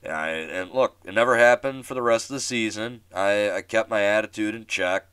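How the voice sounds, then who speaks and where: A man's voice: fairly low pitch, a little fast, a bit bright, clean tone, no room sound. A man in his twenties hosting a podcast, telling a casual story with many restarts and fillers in a self-deprecating way. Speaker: podcast host.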